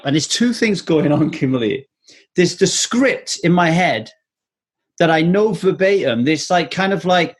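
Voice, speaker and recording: Candid, fairly high-voiced man host. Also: expressive, normal speed. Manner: candid, swears freely, storytelling. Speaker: podcast host. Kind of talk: casual interview chat.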